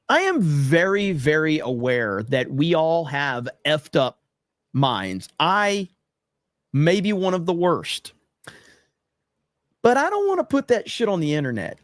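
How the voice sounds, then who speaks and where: Male streamer reading super chats, joking and fed up, raised pitch, dry mic. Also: fairly bright tone, no echo. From United States. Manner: profane, exasperated, joking. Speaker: livestream host. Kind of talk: casual livestream chat reading super chats.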